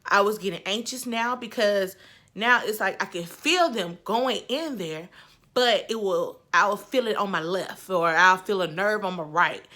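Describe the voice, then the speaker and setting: A woman vlogger telling a story casually to camera, animated and laughing, swinging between hushed and loud. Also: mid-range voice, unhurried.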